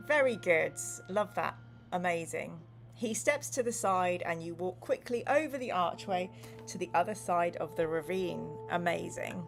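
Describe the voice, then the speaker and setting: A woman with a lowish voice, lively intonation, and vocal fry speaks a little slowly over soft background music. Hosting a casual gamebook playthrough, she playfully reads viewer comments aloud and narrates the story with dramatic flair.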